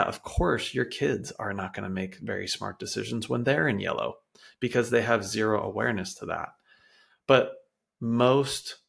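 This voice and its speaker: A man's voice: fairly low pitch, creaky, fairly bright tone, slightly rough. A man hosting a show, explaining child behavior in a casual, conversational way, often acting out quotes from parents and kids. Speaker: podcast host.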